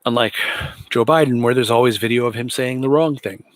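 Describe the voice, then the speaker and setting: A man's voice: medium pitch, fairly quick, no echo. Indignant man ranting on a dry mic. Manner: indignant, sarcastic. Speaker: livestream host. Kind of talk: political commentary livestream.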